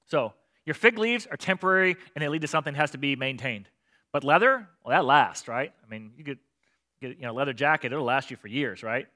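A man preaching a sermon, lively and talkative, often checking in with the crowd with "right?" and acting out voices of the characters. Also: mid-range voice, a little fast. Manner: animated, acts out voices of God and children. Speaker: pastor.

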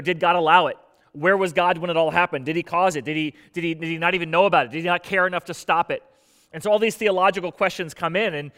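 A man with a rather high speaking voice delivers a sermon in a relaxed, conversational way. He puts scripture into everyday words and grows more intense as he voices its speaker. His voice carries a long hall reverb. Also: clear, resonant tone. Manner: paraphrases scripture in lively conversational speech, voicing Job with rising intensity. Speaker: pastor.

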